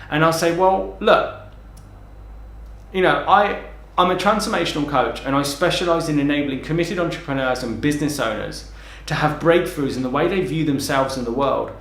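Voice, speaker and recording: A man who works as a transformational coach talks briskly to the camera in a mid-range voice, his advice full of energy, emphasis and repeated words. The recording has a roomy sound.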